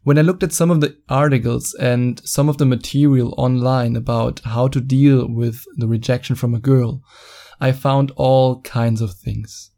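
A man's voice: mid-range voice, fairly even intonation, measured pace, creaky, warm tone. A man with a German accent hosting a solo podcast, talking bluntly and mockingly, with frequent swearing. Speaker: podcast host. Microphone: studio microphone.

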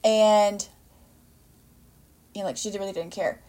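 A woman's voice: medium pitch, steady tone, measured pace, warm tone. Chatty rambling woman podcaster. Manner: chatty and rambling, frequent fillers and self-corrections, acts out quotes. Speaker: podcast host. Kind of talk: casual solo podcast chat about a movie.

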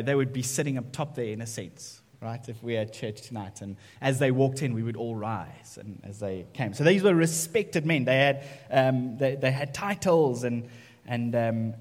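A man's voice: medium pitch, darkish tone. Man preaching in an echoey church. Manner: conversational, keeps asking "right?". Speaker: pastor. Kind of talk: sermon. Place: church sanctuary. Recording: echoey church hall reverb.

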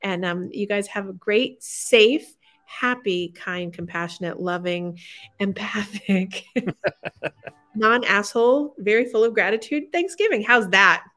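A woman's voice: medium pitch, slow pace, a bit bright, faint music behind. Chatty woman hosting a live show. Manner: chatty, rambling, with many fillers and restarts. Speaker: show host. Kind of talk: casual chat on a live show.

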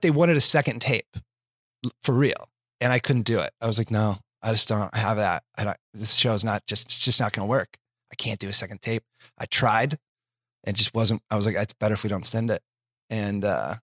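Laid-back, low-voiced man swearing through stories. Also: a bit bright, no echo, clean studio sound. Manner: laid-back, profane, self-deprecating. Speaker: guest comedian. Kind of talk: casual storytelling chat.

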